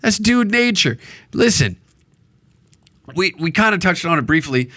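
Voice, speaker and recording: Dude ranting alone on his podcast, swears a lot, rambles, bright tense voice, dry close sound. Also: sits high, big pitch swings, a little slow, dry recording. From Canada. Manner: profane, rambling, jokey and blunt. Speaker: podcast host. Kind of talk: solo podcast rant. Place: alone in a small recording room.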